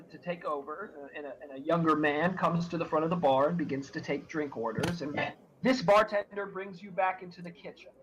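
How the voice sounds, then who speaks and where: A man's voice: high-pitched, fairly bright tone, breathy edge, poor audio. A man narrating a tabletop game as game master, rambling with many fillers and restarts.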